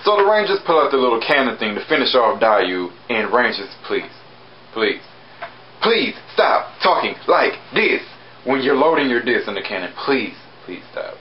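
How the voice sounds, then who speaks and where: A man talking through an episode review in a loose, chatty way, with sarcastic asides and sudden pitch jumps. His voice sits at an ordinary middle pitch. The recording is dull and lo-fi, with a faint hiss behind him. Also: sing-song, normal speed. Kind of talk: casual spoken review.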